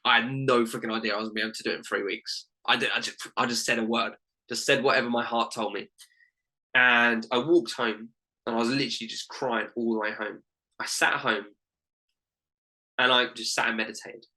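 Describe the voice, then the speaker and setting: A man's voice: medium pitch, steady tone, a little fast, bright, forceful tone, rough recording. A young man, a life coach and podcast guest, telling a heartfelt personal story in an earnest way, full of "literally" and "like".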